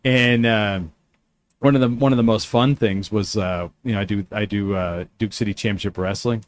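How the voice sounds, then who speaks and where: A man's voice: on the low side, steady tone, normal speed, slight background noise. A man hosting a casual chat, telling a story with lots of fillers and restarts. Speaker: podcast host.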